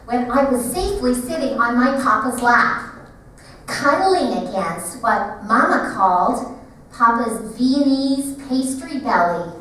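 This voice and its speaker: A woman narrating her childhood in a one-woman stage show, expressive and animated. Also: on the high side, takes it slowly, slight background noise. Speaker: solo stage performer. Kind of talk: theatrical storytelling narration. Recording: echoey theater from far off.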